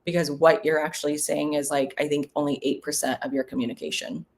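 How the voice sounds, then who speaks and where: Woman vlogger, deep for a woman, relaxed and chatty, lots of ums. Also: fairly quick. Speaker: real estate broker. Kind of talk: casual vlog while cold calling.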